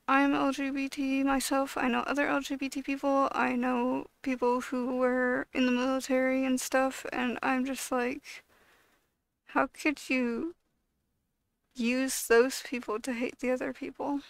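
Gravelly high-voiced woman ranting angrily. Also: level tone, a little slow, dry recording, poor audio. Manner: heated, swearing, repeats herself and restarts often. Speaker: video creator. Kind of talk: angry rant to camera.

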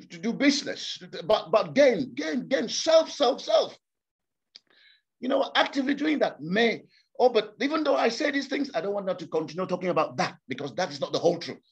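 A man preaching a sermon to a congregation, impassioned and repeating words for emphasis. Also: high voice. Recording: slightly dull lo-fi sound.

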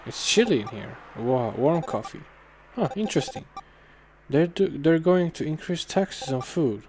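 A man's voice: fairly high pitch, lively intonation, measured pace, crowd noise. A man giving wry let's-play commentary, muttering and swearing casually. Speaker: game commentator. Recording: faint game music behind.

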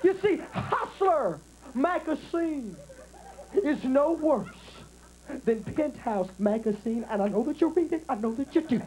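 A man doing an impression of a pompous, hypocritical male TV preacher in a slow, drawling sermon cadence. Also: very high-pitched, animated, a little mellow, pitched below the performer's own voice. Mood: preaching.

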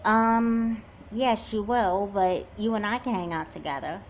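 A woman's voice: medium pitch, a little slow, highs cut off, a little hiss or hum, close to an everyday voice. A woman voicing a confident, self-assured teenage twin sister who takes charge in an amateur doll movie. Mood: persuasive. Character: confident, bossy teen twin sister with a plan.

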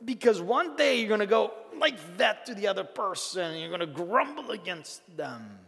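A male pastor preaching a conversational, animated sermon, often acting out the voices of grumbling people. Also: sits high, moderate pace, vocal fry. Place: church sanctuary. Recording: long hall reverb.

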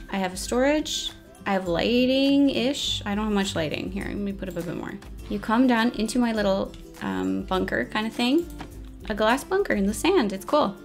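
A young woman giving casual commentary over her own game, chatty and self-mocking, often flustered as she races the clock. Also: mid-range voice. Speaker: gaming YouTuber.

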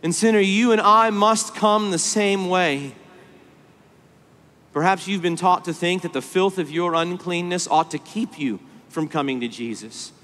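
A man preaching a sermon at a conference, impassioned, moving between hushed low passages and rising pleas. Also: unhurried. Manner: impassioned, swings from hushed to pleading. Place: large conference hall. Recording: long hall reverb.

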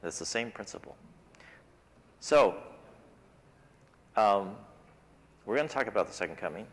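Guy with a lowish voice teaching a church bible class, chatty back and forth, big echoey hall. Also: lively intonation, a little slow. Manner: conversational, talks things through with the class. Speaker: Sabbath School teacher. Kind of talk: casual Bible class discussion.

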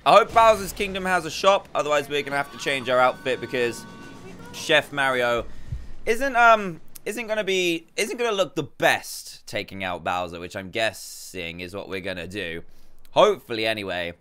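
A man giving casual let's play commentary as a gaming YouTuber, excitable, often bursting into high laughs and talking to his viewers. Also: normal speed, smooth.

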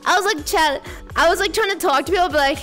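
A woman's voice: very high-pitched, quick pace, pushed and bright, soft background music. A woman hosting a live stream in casual chat, playful and bubbly, greeting her viewers with a slightly sore voice.

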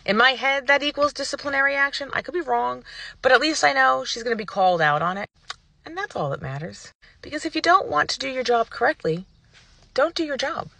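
A woman vlogger telling a personal story to the camera in a casual, animated and indignant way, acting out what people said. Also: high-pitched, a little fast, gravelly, no echo. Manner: animated, indignant retelling with acted-out quotes.

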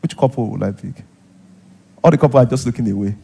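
A man's voice: mid-range voice, fast, vocal fry, mellow, husky. A man with a Nigerian accent, a pastor preaching a sermon in a church, acting out little scenes and repeating points for emphasis. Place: church hall.

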